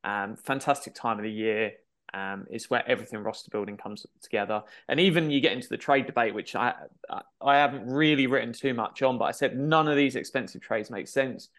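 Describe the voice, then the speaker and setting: A man co-hosting a podcast, talking casually with relaxed, stumbling restarts. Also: medium pitch, fairly quick. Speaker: podcast co-host.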